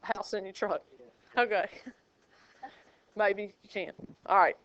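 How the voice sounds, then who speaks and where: A woman's voice: mid-range voice, slow, a little hiss or hum. A woman math teacher, teasing and joking with her students while working problems in a classroom. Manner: sassy, teasing and lively with students. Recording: dull lo-fi classroom recording.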